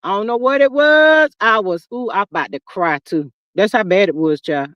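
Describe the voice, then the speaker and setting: A middle-aged woman hosting a livestream, chatting casually with viewers and reading their comments in an animated, talkative way. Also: medium pitch, normal speed, dry recording, muffled recording. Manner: chatty and animated, calls viewers "child" and "y'all". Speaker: livestream host. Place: sitting outdoors.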